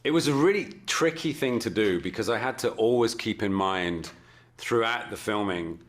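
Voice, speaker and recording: An English man answering interview questions as a film actor, halting and repeating words as he thinks. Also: fairly low pitch, expressive.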